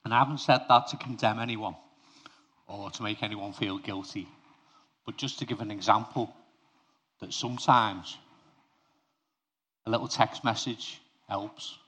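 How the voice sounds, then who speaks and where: A man's voice: lowish voice, fairly even intonation, unhurried, pauses often, bright, forceful tone, slightly rough. A man preaching an informal sermon to his congregation. He talks conversationally, speaks to them directly and tells personal stories.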